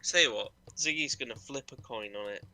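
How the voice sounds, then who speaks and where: A man playing a tabletop role-playing game, talking things through in a relaxed way with fillers. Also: mid-range voice, normal speed, poor audio. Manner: relaxed, thinks aloud with fillers. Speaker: player. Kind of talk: casual tabletop game play.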